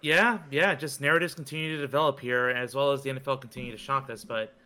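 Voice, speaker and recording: A man's voice: medium pitch, fairly even intonation, fast talker, bright, forceful tone, clean tone. A man co-hosting a casual sports podcast, laid-back, mostly giving short replies. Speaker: podcast co-host.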